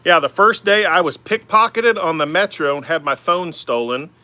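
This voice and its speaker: In a fairly high voice with lively intonation and a bright, forceful tone, a man in his forties speaks at normal speed with no echo. Hosting a woodturning livestream near the lathe in his home shop, he answers viewer comments in an Oklahoma accent, relaxed and rambling, full of "man" and "uh."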